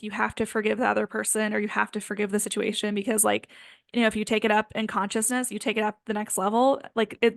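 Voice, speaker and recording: A woman's voice: medium pitch, vocal fry, dry recording. A woman in her twenties giving a casual, earnest spiritual self-help talk, full of "like" and "um". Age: 20s. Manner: earnest, filler-heavy with frequent "like" and "um". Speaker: spiritual healing coach.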